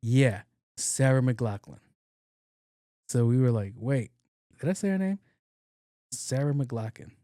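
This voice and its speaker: A man's voice: mid-range voice, expressive, measured pace, long pauses, warm tone, no room sound, studio quality. Profane joking male podcast host. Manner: profane, joking, acts out dialogue. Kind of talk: casual storytelling.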